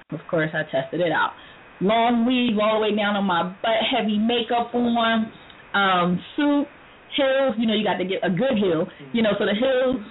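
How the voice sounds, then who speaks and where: A woman hosting a talk radio show, telling stories in a lively way, laughing often and acting out the people she quotes. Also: medium pitch. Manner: animated storytelling, laughs often, acts out quoted voices. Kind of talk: casual talk radio chat. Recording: phone-line radio with faint noise.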